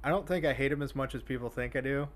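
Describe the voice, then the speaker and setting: A man's voice: medium pitch, quick pace. A man hosting a casual chat show, rambling with many fillers and restarts. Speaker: podcast host.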